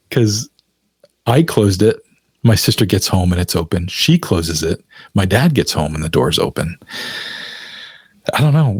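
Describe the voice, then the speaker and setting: Man, podcast guest, casual storytelling, husky voice, dry close sound. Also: fairly low pitch, darkish tone, dry recording. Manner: loose and chatty, with lots of fillers and frequent laughs.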